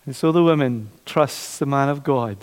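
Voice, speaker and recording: A man preaching a sermon, animated, repeating his phrases and acting out the voices of doubters. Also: mid-range voice, moderate pace, clear, resonant tone. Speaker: pastor. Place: church. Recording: long church reverb.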